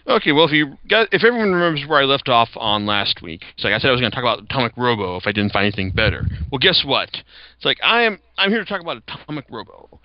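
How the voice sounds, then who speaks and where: A man's voice: mid-range voice, big pitch swings, quick pace, lo-fi sound. A young man hosting a podcast, chatting casually about comics with lots of fillers and restarts. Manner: rambling, many fillers and restarts. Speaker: podcast host.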